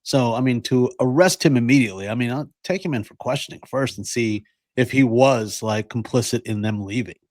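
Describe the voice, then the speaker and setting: A man chatting on a podcast in a middle-pitched voice, joking and laughing between points. The sound is dry and close, with no room around it. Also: darkish tone, dry recording. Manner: joking, laughs a lot, acts out quick quoted voices. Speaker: podcast co-host. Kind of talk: casual podcast chat.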